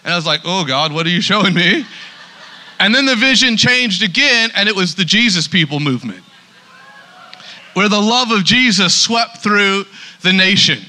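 A man's voice: high-pitched, sharp tone. A man preaching a sermon as pastor, emphatic, often repeating words as he starts a sentence.

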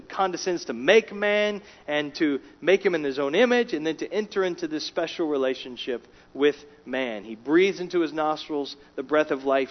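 Emphatic male preacher, lo-fi recording. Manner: emphatic, rising and falling in pitch and volume. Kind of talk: sermon. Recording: dull lo-fi sound.

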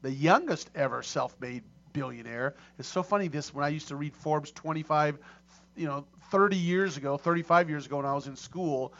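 A middle-aged man hosts a casual talk show in a slightly high voice, rambling and restarting his sentences. The audio is dull and lo-fi. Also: brisk, vocal fry, fairly bright tone. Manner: rambling, many restarts and fillers. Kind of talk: casual chat.

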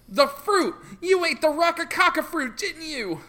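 A player voicing a young woman who is panicked and accusing, with a lively, bright voice. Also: sits high, a little slow, voice pushed up, exaggerated voice. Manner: urgent, accusing. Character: young woman, frantic and suspicious.

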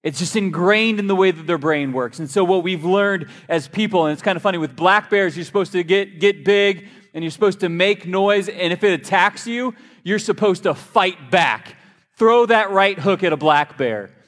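A man preaching a sermon in a church, a lively, joking storyteller. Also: sits high, moderate pace. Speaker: pastor. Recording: long hall reverb.

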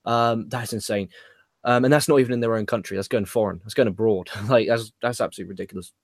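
Man, brisk casual chat, swears, laughs a lot, dry close sound. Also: fairly low pitch, no room sound. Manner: chatty, swears, laughs at his own jokes. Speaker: podcast host.

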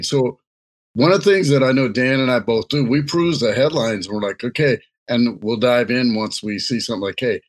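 Man, casual co-host, rambling, joking, mid pitch. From Louisiana. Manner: laid-back, rambling, joking. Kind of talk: casual chat. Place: Nebraska.

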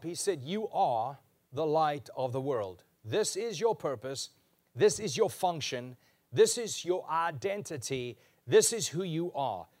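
A man preaching a sermon as a pastor, emphatic, slowing down and repeating key lines for weight. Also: fairly high pitch, lively intonation, darkish tone.

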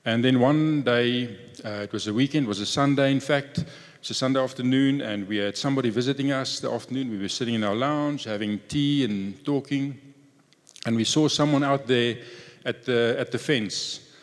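A man's voice: medium pitch, normal speed, big-room sound. A man sharing a personal testimony in a conversational storytelling way.

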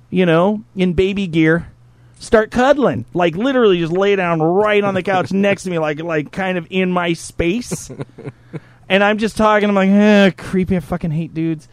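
A man's voice: high voice, normal speed, dry recording. A man co-hosting a podcast, telling a casual story with plenty of swearing. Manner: profane, animated anecdote teller. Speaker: co-host.

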